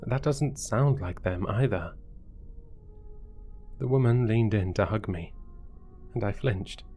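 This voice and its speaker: A man narrating a first-person horror story in a deliberate, brooding way. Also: on the low side, warm tone, soft background music.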